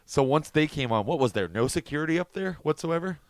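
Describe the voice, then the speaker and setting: A man's voice: a little high, expressive, a little fast, no room sound. A man co-hosting a podcast, telling concert stories in a casual, profane chat and laughing easily. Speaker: podcast co-host.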